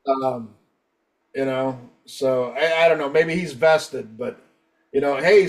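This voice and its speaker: A man's voice: mid-range voice, slow, long pauses, far from the mic. A man hosting a podcast, chatting loosely and joking with plenty of swearing. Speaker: podcast host. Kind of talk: casual podcast chat.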